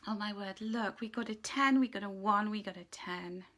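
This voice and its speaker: A woman's voice: medium pitch, normal speed, a bit bright. A woman giving a live angel card reading, talking in an emotional, gushing way and close to tears. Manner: emotional, gushing, tearful at times. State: tearful.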